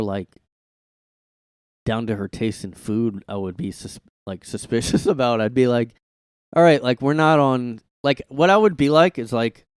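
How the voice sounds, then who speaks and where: Rambling and cursing, a podcast host fills his casual solo show with "like," recording from his room on a close mic with no echo. His mid-range voice has a darkish tone that's clear and resonant.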